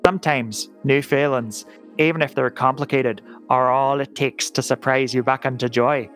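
An earnest horoscope reader with a thick Northern Irish accent, as a podcast host puts him on, lingers over each line in a slow, solemn style. His pitch sits in an ordinary middle range for a man. Soft music plays faintly behind him. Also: steady tone, lightly acted. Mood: mock-earnest. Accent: Northern Irish, put on.

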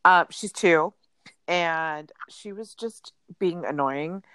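A woman's voice: fairly low pitch, takes it slowly, smooth, no room sound. A woman in her thirties co-hosting a casual chat podcast, telling anecdotes animatedly with many ums and uhs. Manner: animated storyteller, fillers like um and uh. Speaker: podcast co-host.

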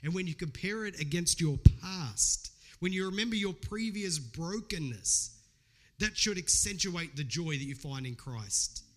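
Middle-aged male pastor, fairly high voice, earnest conversational sermon delivery. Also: expressive, a little slow, a bit bright. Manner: earnest, conversational preaching with personal stories.

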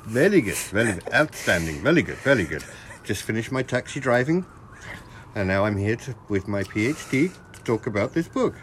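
A man's voice: fairly low pitch, very animated, a little fast, a little hiss or hum. A man putting on a cheerful, eager man with an Indian accent and a chirpy, repetitive, sing-song manner. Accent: Indian, put on.

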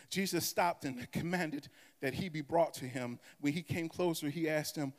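Male pastor, high voice, dramatic call-and-response preaching, long hall reverb. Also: moderate pace, hardly any pauses. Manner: dramatic preaching with swings between soft asides and loud cries. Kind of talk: sermon.

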